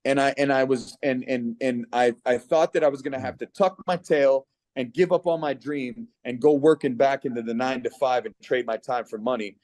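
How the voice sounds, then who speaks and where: A man's voice: medium pitch, fairly even intonation, brisk, few pauses, a little mellow, no echo. A middle-aged man from Canada giving an earnest, persuasive personal testimonial on a video call. His voice catches with emotion as he speaks.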